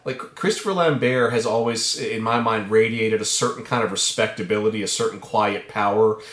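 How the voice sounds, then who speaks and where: A man's voice: fairly low pitch, moderate pace, fairly bright tone. A man co-hosting a podcast, chatting casually about a movie in a playful, joking way and reaching for odd metaphors. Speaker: podcast co-host. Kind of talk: casual movie review chat. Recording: roomy echoey mic.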